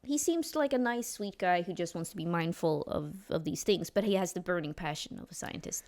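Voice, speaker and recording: A woman's voice: lowish voice, a little fast, darkish tone. A woman narrating as game master in a chatty, laughing way.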